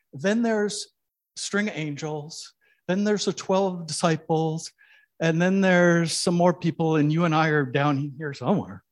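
A man giving a sermon as minister, conversational and telling jokes along the way. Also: fairly high pitch.

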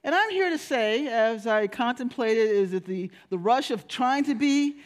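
A woman's voice: a little high, a little slow. A woman pastor giving a sermon in a storytelling manner. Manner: storytelling, with animated voices for quoted people.

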